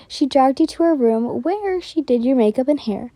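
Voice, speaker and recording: A young woman telling a whispered role-play story softly, giggly and easily flustered, close to the mic. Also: high voice, animated, moderate pace, dry recording.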